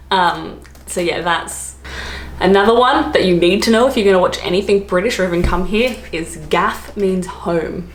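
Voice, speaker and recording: A woman's voice: fairly low pitch, brisk. Chatty Australian woman in an echoey room. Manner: chatty and playful, laughing between points. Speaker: vlogger. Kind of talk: casual explainer vlog. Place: home during lockdown. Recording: echoey room, faint background hiss.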